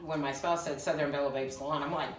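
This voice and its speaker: Laid-back low-voiced woman from Georgia. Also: steady tone, quick pace, a little hiss or hum. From Georgia, US South. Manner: laid-back, chatty storyteller, laughs often. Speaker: hairstylist and salon owner, co-host. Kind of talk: casual chat. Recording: roomy, from a distance.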